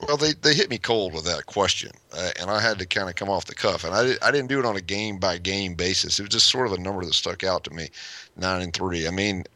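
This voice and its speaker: A man's voice: low voice, quick pace, sharp tone, no room sound. A man co-hosting a casual sports talk show, stammering and repeating words as he thinks aloud.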